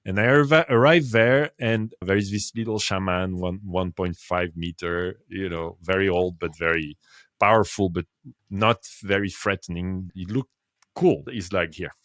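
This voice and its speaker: A deep-voiced podcast guest from France, a man in his fifties, shares an anecdote at an unhurried pace. His lively telling is full of laughter and sudden shifts from loud to quiet. The sound is intimate and dry, with no sense of a room.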